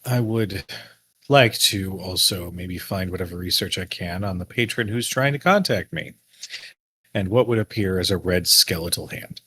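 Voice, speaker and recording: A man's voice: sits low, moderate pace, pushed and bright, slight background noise. A young man playing a character in a tabletop game, joking and laughing often. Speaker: player. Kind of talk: tabletop role-play banter.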